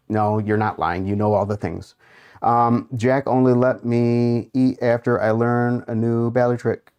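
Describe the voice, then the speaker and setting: A man's voice: mid-range voice, darkish tone. A man hosting a casual livestream, reading viewers' chat aloud and muttering to himself while he browses. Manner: unhurried, muttering while browsing, amused asides. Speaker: livestream host.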